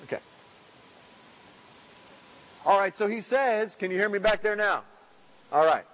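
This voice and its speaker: A man preaching a sermon in a church, praying and then telling jokes with lively acted-out voices. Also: a little slow, low-quality recording. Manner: animated storytelling, acts out characters with raised pitch. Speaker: pastor.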